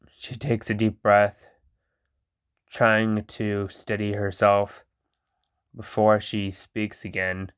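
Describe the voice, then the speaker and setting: A man hosting his channel, reading a chatbot role-play aloud in a monotone, stumbling over words and breaking off to react bluntly. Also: on the low side, slow, long pauses, clean tone, dry recording, clean studio sound. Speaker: channel host reading an AI chat.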